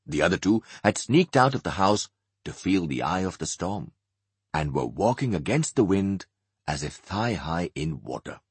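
Slow, husky male audiobook narrator. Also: low voice, no echo.

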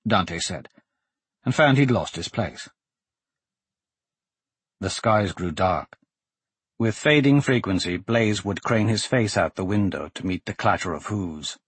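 A man narrating a story as an audiobook reader, expressive and voicing each character. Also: lowish voice, measured pace, husky, no echo. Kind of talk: scripted narration.

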